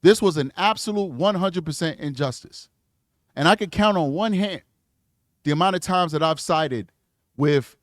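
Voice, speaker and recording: A man with a voice on the high side gives blunt, emphatic reaction commentary on a true crime video, talking back to the clips he plays. The studio-quality recording has no room sound.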